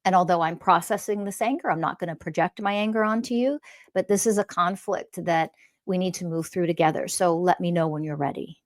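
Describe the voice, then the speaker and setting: A woman hosting her own podcast, ranting bluntly and profanely about spirituality, swinging between loud outbursts and quiet, calm stretches. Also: fairly low pitch, fairly quick. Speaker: podcast host and spiritual teacher. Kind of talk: impassioned podcast rant.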